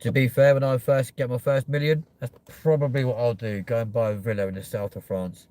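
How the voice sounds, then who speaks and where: A man's voice: mid-range voice, steady tone, a little fast, mellow, no room sound. A young man hosting a live stream, chatting casually and joking with viewers, with plenty of swearing. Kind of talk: rambling live-stream chat.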